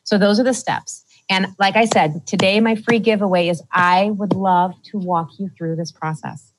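A woman coaching listeners step by step through feeling and releasing emotions, speaking calmly and directly to them. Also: medium pitch, normal speed, a little hiss or hum, rough recording. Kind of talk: guided emotional-release talk.

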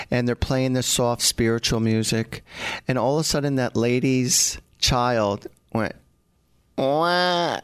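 A man's voice: medium pitch, clear, resonant tone, no room sound. A man, a psychic medium, chattily telling funny stories and laughing often. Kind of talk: casual storytelling.

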